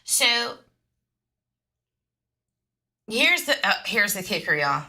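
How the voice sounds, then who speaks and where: A woman with a sharp, forceful voice, reading police records aloud for a true crime channel. She keeps stopping to toss sarcastic, chatty remarks at her audience. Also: medium pitch, very animated, measured pace. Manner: sarcastic, chatty asides to viewers. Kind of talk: reading police documents with casual commentary.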